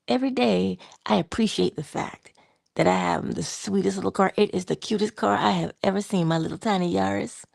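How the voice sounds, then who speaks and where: A middle-aged woman hosting a casual motivational talk, telling personal stories with laughter and hushed asides. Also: fairly low pitch, a little fast, creaky, slightly rough, no echo, clean studio sound. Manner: animated storytelling, laughs often, drops into hushed asides. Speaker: channel host.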